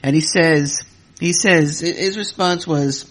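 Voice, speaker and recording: A man's voice: fairly high pitch, a little slow. A man hosting his own wrestling podcast, ranting in a heated, exasperated way, with many fillers and some cursing. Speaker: podcast host. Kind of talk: solo wrestling podcast rant.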